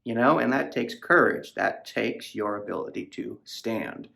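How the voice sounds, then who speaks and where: A man's voice: medium pitch, measured pace, gravelly, bright, forceful tone. A man hosting a podcast, rambling casually about a novel in a profane, filler-heavy way. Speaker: podcast host reviewing a novel. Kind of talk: casual book discussion.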